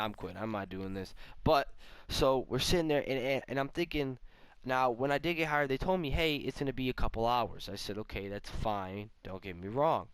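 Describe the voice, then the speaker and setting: A young man casually telling a rambling, animated story while gaming, full of fillers and asides. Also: mid-range voice, smooth, no echo. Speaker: vlogger.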